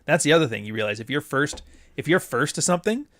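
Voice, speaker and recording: A man's voice: on the high side, animated, fast talker, a bit bright, no room sound. A man from the Pacific Northwest hosting a livestream, reading super chats and rambling off on tangents, with plenty of swearing. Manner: rambling, goes off on tangents, profane. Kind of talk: casual livestream talk.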